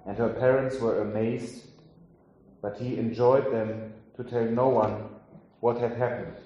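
Slow solemn preacher in an echoey hall. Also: male voice, mid-range voice, little pitch movement, mellow, lo-fi sound. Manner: slow, solemn delivery with drawn-out phrases. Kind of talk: scripture reading and sermon.

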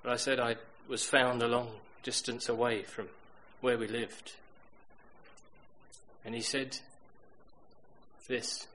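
A middle-aged man delivers a sermon in a mid-range voice, leaning into stories. He rises to loud, emphatic peaks and drops to near-whispered asides. A faint hiss sits behind the recording. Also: medium pitch, little pitch movement, slow pace, long pauses, poor audio. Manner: storytelling, swings from loud emphatic to quiet. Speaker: preacher.

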